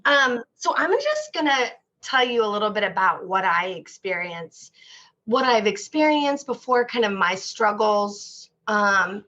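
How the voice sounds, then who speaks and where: A woman speaks slowly in a fairly high voice, taking her time over each thought. She talks openly and from the heart, wandering through her points with plenty of fillers. The recording sounds dull and lo-fi. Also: a bit bright. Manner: open and heartfelt, rambling with many fillers. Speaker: guest, mental health therapist. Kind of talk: candid conversational interview.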